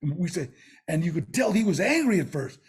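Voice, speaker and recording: Husky high-voiced man telling stories. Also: brisk. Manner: rambling, animated storyteller with many restarts; streetwise slang. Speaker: guest. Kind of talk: casual storytelling in an interview.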